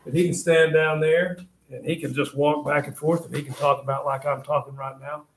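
A man lecturing a history class, talking with a slightly high voice. He tells the story with lively asides and keeps reminding students to take notes. The classroom around him is echoey. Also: a little fast, a little hiss or hum. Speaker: history teacher.

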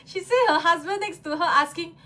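High, bright, giggly woman. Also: a little fast. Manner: giggly, laughs often. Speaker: live-stream co-host. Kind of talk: casual live-sale chat.

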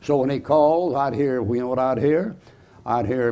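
A man's voice: medium pitch, moderate pace, warm tone. A man preaching a chalk-talk sermon in a church, folksy and emphatic, putting questions to the audience and answering them himself.

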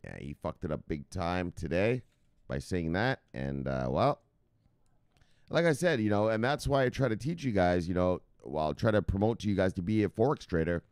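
Loud, swearing man on a stream. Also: deep voice, lively intonation, moderate pace, clean tone, dry recording, studio quality. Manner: profane, loud bursts, repeated catchphrases. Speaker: livestream host. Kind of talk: casual livestream chat.

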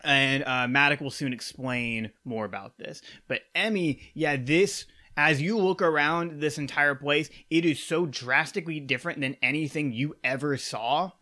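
A man's voice: on the high side, normal speed, few pauses, pushed and bright. A man narrating a tabletop game as game master, casual and full of fillers.

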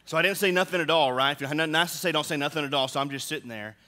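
Rapid-fire and pushed, the high, bright voice of a middle-aged pastor fills a large church sanctuary with long reverb. He is preaching a sermon, telling stories with humor and animation.

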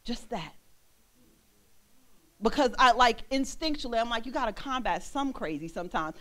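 Animated young woman preaching a sermon. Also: on the high side, moderate pace. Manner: animated, acts out quoted voices, laughs. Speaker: minister. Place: church.

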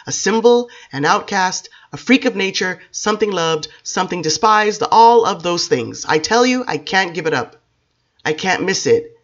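A woman's voice: on the low side, expressive, moderate pace, highs cut off. A woman voicing a defiant, theatrical male vampire. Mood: passionate. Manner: grand, theatrical declarations. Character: passionate defiant male vampire rock star.

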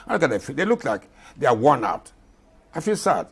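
Impassioned husky man in his eighties. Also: mid-range voice, big pitch swings, a little fast. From Ghana. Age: 80s. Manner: impassioned, repetitive, emphatic. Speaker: retired general, guest. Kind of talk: interview.

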